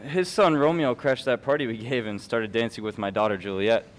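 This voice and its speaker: A man's voice: mid-range voice, brisk, close to an everyday voice. A young man playing a noble family head who rambles as he recalls events in a school stage play. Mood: recalling. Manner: rambling, recollecting. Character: Lord Capulet, a noble male family head.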